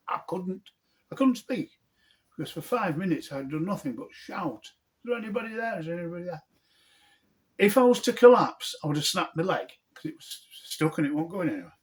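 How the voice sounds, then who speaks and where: A middle-aged man, telling a funny story from his own life in an animated, earthy, self-mocking way. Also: on the high side, moderate pace. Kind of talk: humorous personal storytelling.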